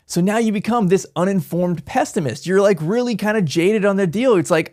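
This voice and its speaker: A man hosting a business podcast, giving an energetic motivational talk and acting out the thoughts of his listeners. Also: high-pitched, a little fast, few pauses. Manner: energetic, animated, acts out quoted voices.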